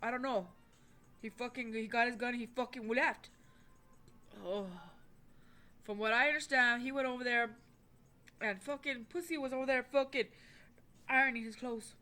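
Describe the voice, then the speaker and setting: Bright-voiced woman, blunt and swearing. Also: a little high, steady tone, moderate pace, pauses often. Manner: rambling, heavy swearing, blunt. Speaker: vlogger. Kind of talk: casual storytelling to camera. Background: faint background music.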